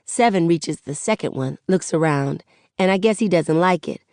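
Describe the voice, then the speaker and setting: A woman narrating an audiobook in the first person, with relaxed, conversational storytelling. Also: on the low side, normal speed, no echo, studio quality.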